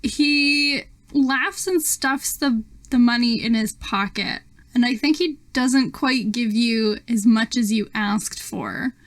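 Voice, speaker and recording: A woman's voice: on the high side, slow pace. A young woman narrating a tabletop game as game master in a casual, loose style full of fillers.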